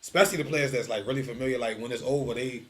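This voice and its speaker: A man telling a story in casual chat, animated and full of slang, acting out quotes. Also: rapid-fire. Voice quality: heavy profanity and slang. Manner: animated storyteller, acts out quotes with rising pitch. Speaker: streetball tour organizer.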